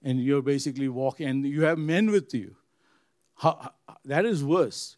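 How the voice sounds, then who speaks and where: A pastor preaching a sermon to his church, earnest and repeating his phrases, swinging from loud emphasis to quiet. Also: medium pitch, moderate pace, dry recording.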